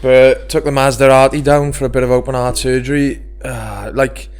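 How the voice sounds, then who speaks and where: A man's voice: medium pitch, level tone, normal speed, a little mellow. A man co-hosting a podcast, telling jokey stories with crude banter. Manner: jokey, crude banter, does sound effects. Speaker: podcast co-host. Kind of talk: casual chat.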